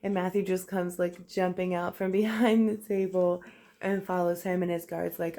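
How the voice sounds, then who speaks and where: A young woman talks in a hushed, soft voice, gushing with excitement and lots of filler words. Her voice is low and gravelly, with a mellow, dark tone. Her pitch stays fairly flat. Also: normal speed. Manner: hushed, soft talking so a sleeping baby stays asleep. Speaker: vlogger. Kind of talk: casual faith vlog retelling a show.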